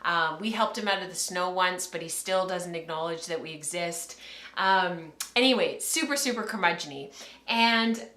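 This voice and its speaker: A woman in her thirties chats on a livestream from home, rambling along and laughing easily as she talks to the camera. Her voice is bright and clear, and the room around her adds a noticeable echo. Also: fairly low pitch, moderate pace. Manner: chatty, rambling, laughs often. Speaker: podcast host. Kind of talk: casual livestream chat.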